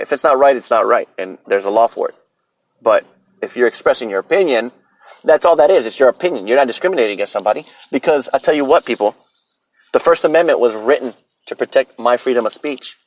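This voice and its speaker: A man's voice: mid-range voice, animated, fast, dry recording, rough recording. A man in his thirties hosting a solo podcast, ranting bluntly and profanely about his opinions. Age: 30s. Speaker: podcast host.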